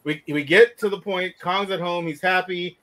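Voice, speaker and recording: A man hosting a casual movie talk, animated, often laughing and restarting his sentences. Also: high-pitched, normal speed. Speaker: podcast host.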